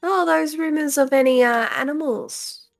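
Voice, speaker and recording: Woman playing a tabletop game, high voice, casual. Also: moderate pace, gravelly. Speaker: player.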